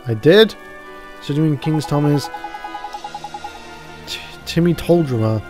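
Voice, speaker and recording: A man reads out an earnest young boy hero who keeps asking questions. His voice sits a little high and stays plain. Faint game music plays in the background. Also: measured pace, a little mellow, lightly acted. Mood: curious.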